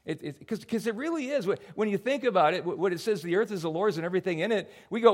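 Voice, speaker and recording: An older man delivers a sermon as pastor, his voice sitting a little high for a man. He tumbles over repeated words as he restarts his sentences. He jumps into little acted-out voices to make his points. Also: quick pace, hardly any pauses. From United States. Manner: animated, acts out quoted voices. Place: church hall before a congregation.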